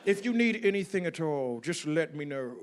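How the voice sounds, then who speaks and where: A man doing a soft-spoken fussing TV producer. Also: on the high side, lively intonation, moderate pace, a loud crowd, heavy background noise, pitched below the performer's own voice, natural voice. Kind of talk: stand-up impression.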